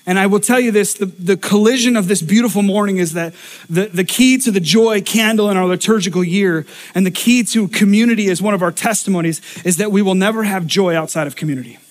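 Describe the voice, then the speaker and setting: High-voiced pastor telling a funny story. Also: male voice, a little fast. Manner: animated, self-deprecating storytelling with laughter. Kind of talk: storytelling sermon.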